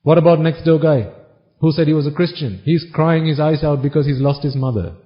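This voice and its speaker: A man giving a Buddhist sermon, asking the audience questions and answering them himself, now and then reciting Pali phrases quickly. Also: a little high, steady tone. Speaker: Buddhist preacher. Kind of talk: dharma talk sermon. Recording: dull lo-fi recording.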